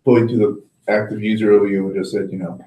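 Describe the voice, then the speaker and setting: A man's voice: on the low side, level tone, fairly quick, highs cut off. A man explaining something plainly and hesitantly in a casual meeting. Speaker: user group member. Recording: roomy meeting room.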